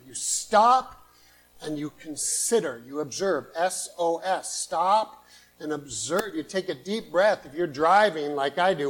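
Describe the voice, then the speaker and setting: A man preaching a sermon in earnest, swinging between loud emphatic bursts and quiet asides. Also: a little high, low-quality recording. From San Francisco Bay Area, USA. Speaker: pastor.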